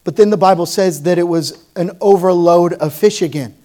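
A male pastor with a notably high-pitched voice delivers a sermon. He swings between loud, pressing emphasis and hushed, lower-toned explanation as he teaches verse by verse. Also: moderate pace. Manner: emphatic preaching with rising and falling intensity.

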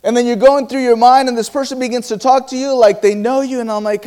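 High-voiced man preaching a sermon. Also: fairly even intonation, mellow, clear, resonant tone. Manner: storytelling with quoted dialogue and halting restarts.

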